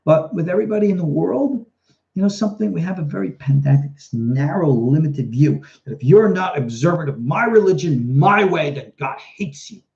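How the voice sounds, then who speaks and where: A man's voice: fairly high pitch, moderate pace, gravelly. A man, a rabbi and teacher, answering viewer questions in a casual live talk, chatty and digressive, telling stories as he goes. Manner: chatty, animated storyteller, digresses freely. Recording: dull lo-fi livestream audio.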